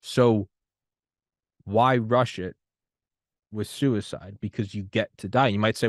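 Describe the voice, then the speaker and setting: A man hosting a podcast, talking in a loose, rambling way that turns loud and higher when he gets worked up. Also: steady tone, takes it slowly, pauses often, no echo, studio quality. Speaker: podcast host. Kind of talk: casual conversation.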